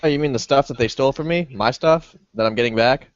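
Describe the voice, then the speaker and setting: A man playing a tabletop game, making dry, deadpan remarks. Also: medium pitch, fast talker, no echo. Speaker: player. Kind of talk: casual tabletop play. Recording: muffled, dry home recording.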